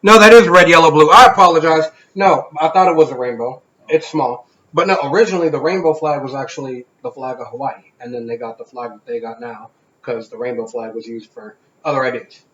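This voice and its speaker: A man's voice: mid-range voice, fairly quick, fairly bright tone. A man co-hosting a casual podcast, telling a story and swearing freely. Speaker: podcast co-host. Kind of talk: casual chat. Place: home garage. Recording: echoey garage, dull lo-fi sound.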